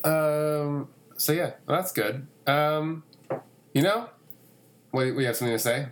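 A man in casual chat, chiming in with teasing remarks and quick asides. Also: a little high, a little hiss or hum.

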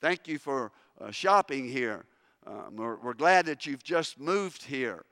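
A man voicing a polite, dignified male village shopkeeper who speaks in a measured way with hesitant fillers. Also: mid-range voice, expressive, fairly bright tone, dry recording, clean studio sound. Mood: courteous.

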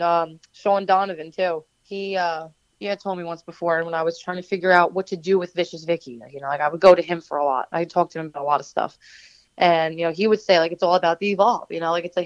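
A woman's voice: on the low side, no echo, muffled recording. A woman from New Jersey with a New Jersey accent, a wrestler and manager who answers in a rambling, chatty way full of fillers and restarts. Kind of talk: casual interview answers.

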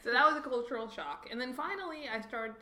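Woman, middle pitch, animated storyteller, roomy echoey room. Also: fast talker, a little hiss or hum. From Mexico. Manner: animated, acts out quoted voices. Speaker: guest. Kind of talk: conversational storytelling.

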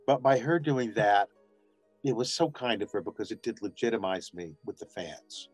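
A man's voice: on the low side, normal speed, soft background music. A man, a voice actor guest on an interview, telling stories casually and acting out what people said. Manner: animated storyteller acting out quotes.

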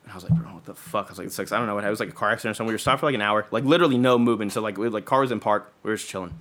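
A man's voice: fairly low pitch, rapid-fire, fairly bright tone. A young man telling rambling, profane stories in casual chat, full of fillers.

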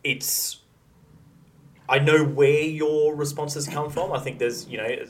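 A man's voice: a little high, fairly even intonation, takes it slowly, a little hiss or hum, rough recording. A man co-hosting a casual podcast chat, pushing back with frequent restarts. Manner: argumentative, restarts often. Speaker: podcast co-host.

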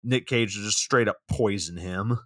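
A man co-hosting a casual movie podcast, relaxed, recapping scenes with many filler words. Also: lowish voice, normal speed, no echo, studio quality. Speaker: podcast co-host. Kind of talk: casual movie review chat.

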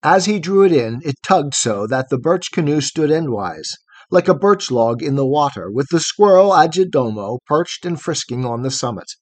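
A man narrating a long poem in a measured, rhythmic recitation. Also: medium pitch, darkish tone, no room sound. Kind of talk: scripted poetry reading.

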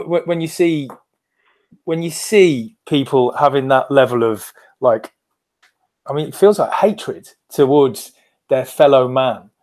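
A man in casual podcast chat, candid and animated, telling stories with many quick restarts. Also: mid-range voice.

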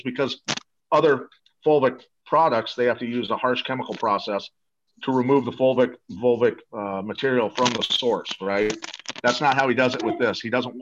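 A man's voice: medium pitch, dull audio, slight background noise. A man talking as an interview guest, eager and salesy, rambling with many restarts. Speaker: guest promoting a supplement. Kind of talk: casual interview talk.

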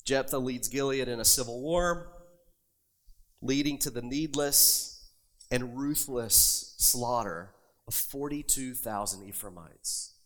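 A man's voice: mid-range voice, slow pace, a bit bright. Emphatic male preacher. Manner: emphatic, reads scripture aloud with rising intensity. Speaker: pastor. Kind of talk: sermon.

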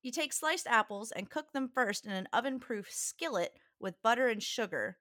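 A woman's voice: fairly high pitch, expressive, moderate pace, fairly bright tone, no echo, clean studio sound. A young woman co-hosting a casual podcast chat, reading from notes with frequent giggles. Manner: giggly, reads aloud from notes. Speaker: podcast co-host.

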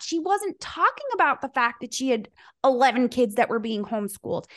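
A middle-aged woman with a slightly high voice speaks as a business coach and podcast guest. She talks in an easy, conversational way. She acts out the dialogue of people in her stories. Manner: animated storyteller, acts out quoted dialogue. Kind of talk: conversational interview.

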